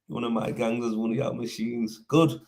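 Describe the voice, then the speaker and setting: A man with a broad Yorkshire accent chatting loosely on his show, bantering, swearing and laughing often. His voice sits at an ordinary middle pitch, and he talks in the easy, teasing way of a mate having a natter. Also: little pitch movement, normal speed, creaky, darkish tone. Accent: Yorkshire English. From Yorkshire, England. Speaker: host. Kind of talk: casual chat.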